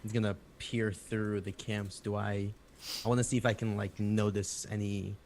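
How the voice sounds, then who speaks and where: Man player in a tabletop game, hesitant, a bit low. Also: flat delivery, normal speed, darkish tone, a little hiss or hum. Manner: hesitant, restarts while describing actions.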